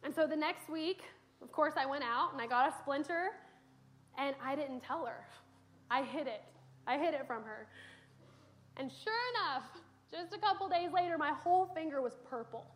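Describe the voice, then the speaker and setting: A woman's voice: high-pitched, normal speed. A young woman preaching a sermon in a church, telling stories earnestly with casual fillers. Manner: earnest storytelling with conversational fillers. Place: church sanctuary.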